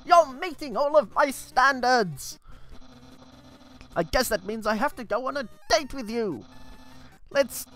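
A man voicing a loud, goofy, boastful young skeleton in a video game, making big self-important proclamations. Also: very high voice, animated, unhurried, long pauses, soft background music, voice pushed up, full character voice. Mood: flustered. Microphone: headset.

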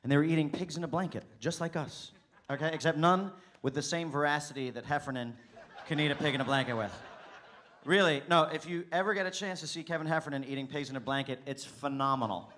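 A man's voice: fairly high pitch, fast talker, fairly bright tone. A male stand-up comedian telling a story on stage, teasing his partner with exaggerated detail. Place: stage before a live audience.

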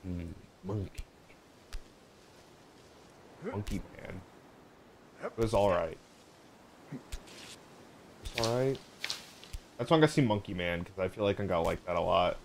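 A man with a fairly low voice chats loosely while streaming a game. He rambles, restarts his sentences and bursts into swearing without warning. A faint hiss sits under his speech. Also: normal speed, creaky, pauses often. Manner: rambling, with repeated restarts and sudden swearing outbursts. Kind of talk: casual chat while playing a game.

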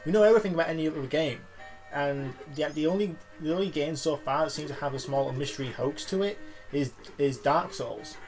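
A man chatting about games in a loose, rambling way, his voice a touch high, often restarting his sentences. Soft game music plays behind him. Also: brisk. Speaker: let's play co-host. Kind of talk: casual gaming chat.

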